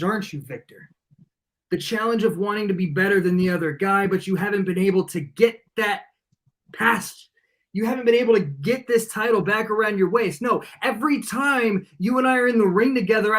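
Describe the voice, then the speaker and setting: A high-pitched man trash-talks his rival in a wrestling promo, smug and taunting. He drops into low, menacing tones to twist the knife. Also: fairly bright tone. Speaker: wrestling champion cutting a promo.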